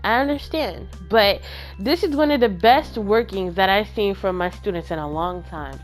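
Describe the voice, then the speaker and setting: A woman's voice: mid-range voice, moderate pace, faint music behind, lightly acted. A woman voicing her insistent, encouraging female teacher, who pleads and persuades in a retold story. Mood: urging.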